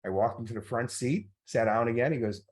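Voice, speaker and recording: A man's voice: medium pitch, brisk. A middle-aged man, a motivational coach, tells stories in a master class talk, with many fillers along the way. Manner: anecdotal storytelling with many fillers.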